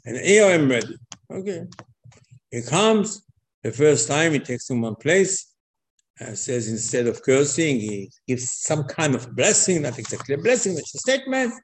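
A man teaching a religious lesson in a lively storytelling way, acting out dialogue and repeating his words for emphasis. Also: a little high, moderate pace.

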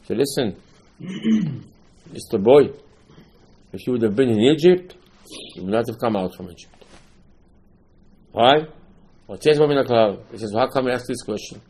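A man gives an animated Passover sermon as a Torah teacher, full of rhetorical questions and repeated phrases. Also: mid-range voice, unhurried, pauses often, husky.

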